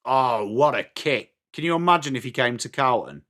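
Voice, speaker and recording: An English man hosting a fan watchalong, chatting through the match as live fan commentary and breaking into shouts at big plays. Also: medium pitch, animated, moderate pace. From England.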